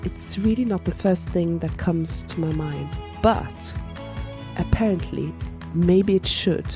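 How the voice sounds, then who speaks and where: A woman reading a scripted podcast narration in a measured, lightly wry delivery. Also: on the low side, over music.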